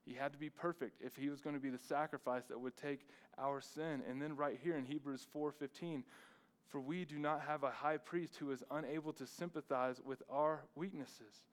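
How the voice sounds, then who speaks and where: A man's voice: on the high side, rough recording. A man, the lead pastor, preaching a sermon with emphatic repetition and rhetorical questions.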